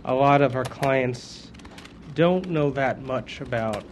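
A man's voice: medium pitch, slow, slight background noise. A man talking casually with some hesitations in an interview, recorded in an office. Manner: casual with fillers. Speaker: transcription company worker. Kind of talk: interview clip.

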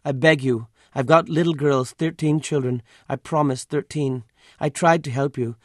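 A man's voice: on the high side, fairly even intonation, moderate pace, dry recording, studio quality, natural voice. A man voicing a poor, desperate male electrician who pleads with a robber, in an audiobook reading. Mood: pleading. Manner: pleading, raw.

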